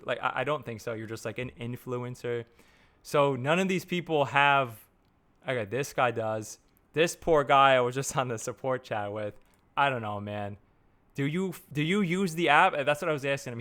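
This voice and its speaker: In a casual off-the-cuff rant to camera about software, a man who works in marketing swears a lot, rambles, and starts his sentences over. He has a voice on the high side that sounds a bit bright.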